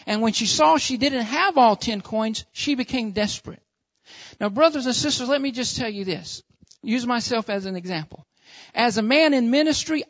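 A man's voice: very high-pitched, a bit bright. A male pastor delivers a sermon, returning to the same phrases and posing rhetorical questions. The recording is dull and lo-fi, with a dry sound and no room echo. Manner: repetitive preaching with rhetorical questions.

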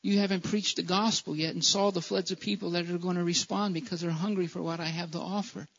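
Gravelly high-voiced impassioned preacher. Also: male voice, fairly even intonation, fast talker, fairly bright tone. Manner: impassioned preaching with repeated stammered restarts. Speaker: pastor. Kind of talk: sermon. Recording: dull lo-fi church recording.

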